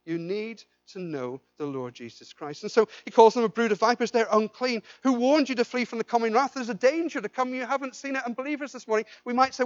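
A man's voice: sits high, lively intonation, quick pace, hardly any pauses, no room sound, dull audio. A man preaching a sermon as pastor, pleading with the congregation and asking them questions, with repeated and restarted phrases. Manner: impassioned, swings from loud pleading to quiet intensity.

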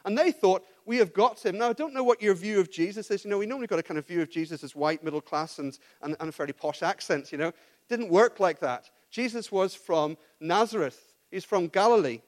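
A man's voice: high-pitched, expressive, a little fast, darkish tone. A man preaching a sermon in a conversational, self-deprecating way, with frequent restarts and asides.

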